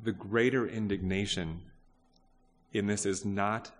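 A man with a very low voice preaches a sermon to his congregation. He talks in a conversational way, asks questions and restarts his sentences. His voice rings with the long reverb of a big hall. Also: steady tone, a little slow, a little hiss or hum. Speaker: pastor.

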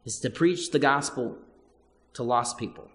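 A man's voice: mid-range voice, measured pace. A man preaching a sermon as pastor, earnest and repetitive, building points through repeated phrases. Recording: long church-hall reverb.

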